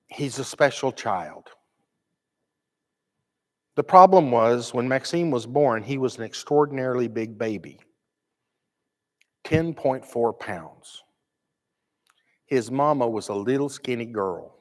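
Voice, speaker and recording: Storytelling preacher in a reverberant church. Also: male voice, mid-range voice, unhurried, pauses often. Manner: animated storytelling, acting out quotes. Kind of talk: storytelling sermon. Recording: long reverb of a church hall.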